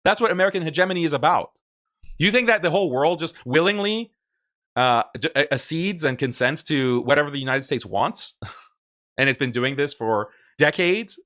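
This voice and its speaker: On a stream, a man with a fairly high, bright, pushed voice argues his way through clips in casual commentary. He's animated and emphatic, laughs often, and talks at a normal speed.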